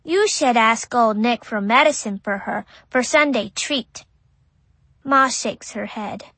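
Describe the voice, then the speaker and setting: A woman's voice: fairly high pitch, takes it slowly, fairly bright tone, no echo, full character voice. A woman voicing a curious, innocent five-year-old boy who narrates in a childlike, literal way. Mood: wondering. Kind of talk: audiobook narration.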